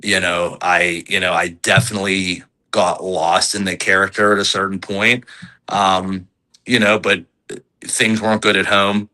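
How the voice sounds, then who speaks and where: A pro wrestler in his forties talks candidly in a podcast interview, rambling with plenty of fillers and restarts and getting animated when he quotes fans. His voice is low-pitched and unhurried, and the recording quality is poor.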